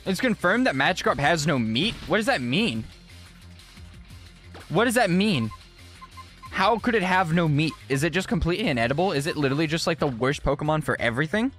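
A young male streamer commenting on his gameplay live and chatting with his viewers. His voice sits fairly high and swings widely in pitch, loud outbursts mixed with easy casual slang, over faint game music. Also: fairly quick. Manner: animated, exclaiming, casual slang.

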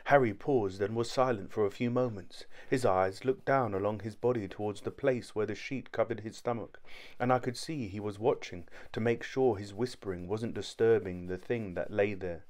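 A man's voice: fairly low pitch, moderate pace. Man narrating a story aloud. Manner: steady first-person telling. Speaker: audiobook narrator.

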